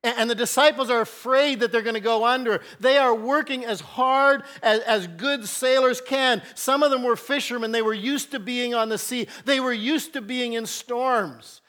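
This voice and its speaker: A man preaching a sermon as pastor, telling a Bible story earnestly and shifting between soft and loud emphasis. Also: very high-pitched, normal speed, hardly any pauses.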